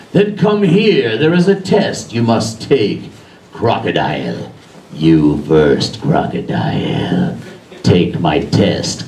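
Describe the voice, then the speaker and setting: A man voicing a menacing, hungry male lion king who speaks slowly and gloats with chuckles. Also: low-pitched, creaky, a little mellow, slight background noise, voice pushed down, full character voice. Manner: slow, drawn-out, gloating with chuckles. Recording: roomy echo, distant mic, faint ambience.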